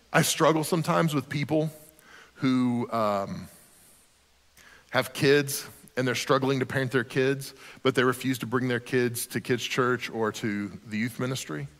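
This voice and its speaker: A man's voice: medium pitch, moderate pace, fairly bright tone, long reverb tail. A man pastor preaching a sermon in a conversational, earnest way, often repeating a word as he starts a sentence.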